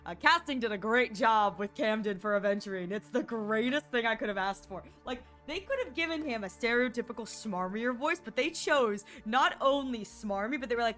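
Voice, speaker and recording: A woman streamer chats casually and excitedly, her fairly high voice bouncing as she giggles and drops into playful mock voices. Faint music plays underneath. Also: brisk, few pauses. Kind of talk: casual chat on a game stream.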